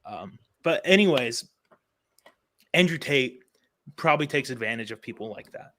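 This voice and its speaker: A man talking on a stream panel in a rambling, animated way, full of fillers. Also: medium pitch, moderate pace. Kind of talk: casual chat.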